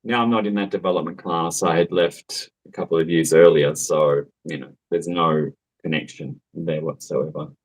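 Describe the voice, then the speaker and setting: A man's voice: sits low, fairly even intonation, normal speed, poor audio. A man who works as a psychic medium tells a story in a casual, rambling way, full of fillers and asides. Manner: chatty, rambling, with many fillers and laughs.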